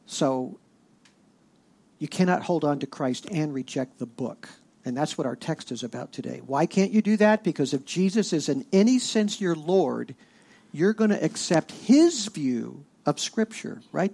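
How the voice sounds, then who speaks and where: A male pastor delivers a sermon in a fairly high voice with a gravelly edge. He presses his points emphatically and lifts his voice when reading scripture. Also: darkish tone.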